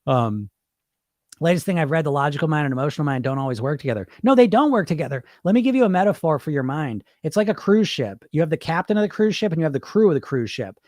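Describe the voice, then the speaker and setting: A man's voice: on the high side, fast talker, no room sound, clean studio sound. A middle-aged man hosting a weight loss podcast, talking casually and bluntly with plenty of swearing, and acting out the voices in people's heads. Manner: animated, profane, acts out inner voices. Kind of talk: casual motivational talk.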